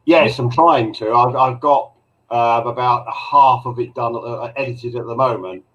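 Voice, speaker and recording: A man's voice: mid-range voice, a little slow, fairly bright tone, lo-fi sound. Chatty man telling drone stories. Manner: chatty storyteller, hesitant with repeated starts. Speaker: drone pilot and show regular. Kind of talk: casual chat on a live show.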